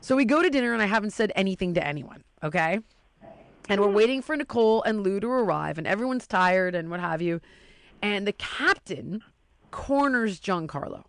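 A woman's voice: medium pitch, expressive, normal speed, no echo. A woman in casual chat, telling a long story and acting out the voices of the people in it.

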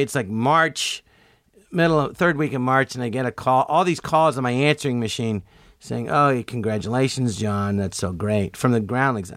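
Middle-aged comedian guest, animated storyteller, dry close mic, mid-range voice. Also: male voice, no echo. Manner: animated, acts out quotes with jumps in pitch. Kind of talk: storytelling interview.

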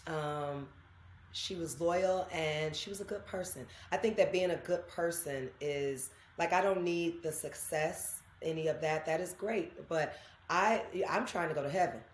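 A woman, a guest telling animated stories in an interview and acting out what people said. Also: low voice, unhurried, slight background noise. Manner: animated storytelling, acts out quotes. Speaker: guest, actress. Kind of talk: candid interview conversation. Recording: roomy echo.

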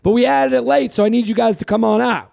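A man's voice: very high-pitched, quick pace, creaky, a little mellow, no room sound, clean studio sound. A man hosting a comedy podcast in casual chat, rambling and joking crudely while plugging his shows.

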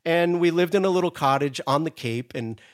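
A man in his sixties from New England, a guest telling a story in casual chat, animated, profane and self-mocking. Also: on the high side, fairly quick.

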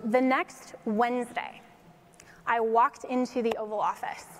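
A woman from Colorado giving a faith-based inspirational talk to an audience, telling her story in an animated way. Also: fairly high pitch, a little slow, long reverb tail, background noise. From Colorado, United States. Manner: animated storytelling with acted quotes and laughter. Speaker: speaker addressing an audience.

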